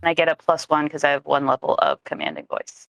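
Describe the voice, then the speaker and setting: Low-voiced woman at a tabletop game asking about rules, dry close sound. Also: sing-song, fast, creaky, fairly bright tone, no echo, lo-fi sound. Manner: careful, asks rules questions. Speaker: player.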